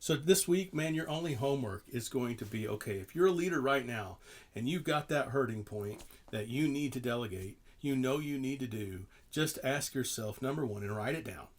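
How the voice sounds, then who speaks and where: A man's voice: mid-range voice, animated, moderate pace. A middle-aged man hosting a leadership podcast, talking casually and emphatically, telling stories from his work and laughing now and then. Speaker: leadership coach and podcast host. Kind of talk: motivational podcast talk.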